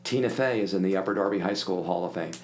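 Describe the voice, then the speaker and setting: An older man from the Philadelphia area, a guest telling animated stories and acting out the people in them. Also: low voice, fast, slight background noise. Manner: animated anecdote-telling, acts out quoted voices. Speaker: podcast guest. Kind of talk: casual storytelling.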